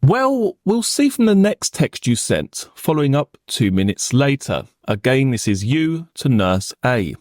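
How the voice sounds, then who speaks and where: A man cross-examining a witness in a formal, probing manner, pressing with pointed questions. His pitch rises and falls a lot as he presses, and the sound is close and dry with no room around it. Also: very animated, a little slow, few pauses, a little mellow, no room sound. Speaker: prosecuting barrister in reenactment. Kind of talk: courtroom cross-examination reenactment.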